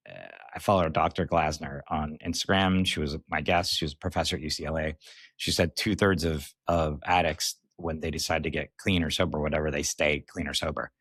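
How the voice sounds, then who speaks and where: A man's voice: extremely low pitch, fairly even intonation, a little fast, fairly bright tone, dry recording, studio quality. An American man and comedian hosting a solo podcast, talking candidly in a rambling, self-mocking way. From United States. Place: recording while on tour away from home.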